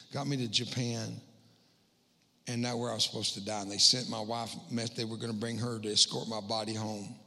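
A middle-aged man giving a humorous spoken testimony as a guest speaker in a church, landing quick self-mocking punchlines. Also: mid-range voice, creaky, bright, forceful tone. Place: church hall. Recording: long hall reverb.

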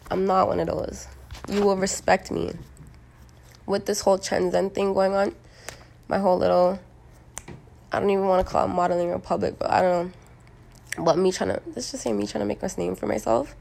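Gravelly, hoarse young woman ranting bluntly. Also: medium pitch, flat delivery, normal speed, pauses often, darkish tone, slight background noise. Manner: blunt, profane, emphatic, with many likes and you-knows. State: hoarse from smoking. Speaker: solo monologue recorder. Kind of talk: rambling casual monologue.

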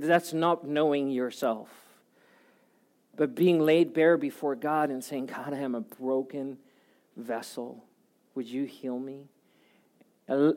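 A man preaching a sermon, moving between loud, urgent passages and soft, hushed ones. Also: fairly high pitch. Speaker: pastor.

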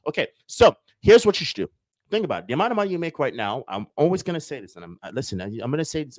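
A male podcast host talking through a motivational monologue in a mid-pitched voice. He lectures in a preachy way, jokes around and slips into quick acted-out exchanges with imagined people. The sound is dry and close, with no room around it. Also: very animated, a little mellow, no room sound. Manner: preachy, joking, acts out little dialogues.

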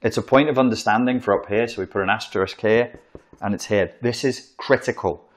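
A man's voice: fairly low pitch, moderate pace. A man giving an informal psychology lecture, blunt and profane, in a room where he writes on a board. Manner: blunt and profane, acts out quoted voices.

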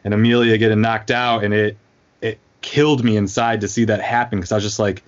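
A man hosting a podcast talks in a somewhat low voice, laid back and casual. He fills his speech with small hesitations. The sound is a little muffled and lo-fi. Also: little pitch movement, a little fast. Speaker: podcast host. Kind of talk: casual chat.

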